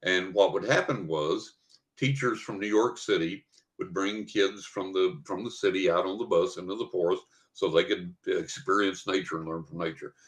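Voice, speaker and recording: An older man with a fairly low voice rambles through a story. He chuckles as he goes in a casual podcast interview. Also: normal speed. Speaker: guest psychic and author.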